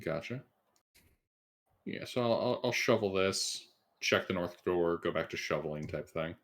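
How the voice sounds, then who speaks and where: A male player thinks aloud about his character's next move. He hesitates and repeats words. His voice sits low. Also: a little slow. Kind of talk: tabletop game chat.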